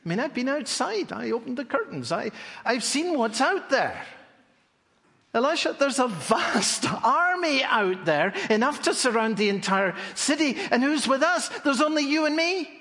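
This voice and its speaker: A man's voice: very high voice, sing-song, unhurried, bright, forceful tone, long reverb tail, pitched above the performer's own voice, full character voice. A man voicing a frightened young male servant who talks in an agitated, incredulous way. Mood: panicked. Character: panicked young male servant, disbelieving and fearful.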